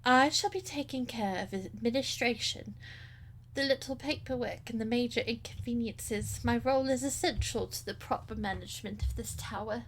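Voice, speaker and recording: A woman's voice: a little high, moderate pace, a little hiss or hum, close to an everyday voice, poor audio. A woman voicing a tough, scarred old female tower administrator with a put-on Cockney accent, prim and sly.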